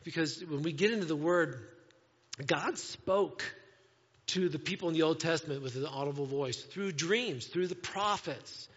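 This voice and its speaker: A man preaching a sermon in a conversational way, moving between playful asides and hushed, earnest moments. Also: fairly high pitch, normal speed, breathy edge, in a large hall, muffled recording. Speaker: pastor. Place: church sanctuary.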